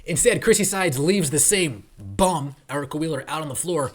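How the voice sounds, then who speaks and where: A man's voice: on the high side, lively intonation, normal speed. A man hosting a podcast, ranting about a basketball coach with sarcasm and profanity. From New York tri-state area. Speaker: podcast host. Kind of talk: ranting sports commentary.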